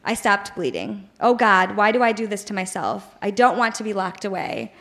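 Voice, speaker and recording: A woman's voice: mid-range voice, animated, normal speed, fairly bright tone. A woman in her late twenties or thirties reading her old teenage journal entries aloud on stage in a dramatic, mock-whiny voice. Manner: dramatic, mock-whiny teen voice, laughing audience. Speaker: live storyteller reading her teen diary. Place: live bar venue with audience.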